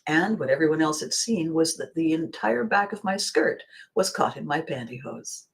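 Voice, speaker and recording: A woman hosting a podcast, telling a funny personal anecdote in an animated way and laughing often. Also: low voice, moderate pace. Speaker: podcast host. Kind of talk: storytelling anecdote.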